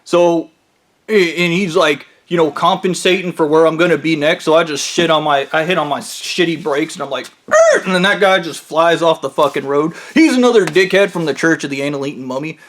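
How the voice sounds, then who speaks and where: A man with a fairly high voice tells a crude story in a comic, off-the-cuff way. He is blunt and profane and mocks the people in his story at every turn. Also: fairly quick, fairly bright tone. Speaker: storyteller comedian.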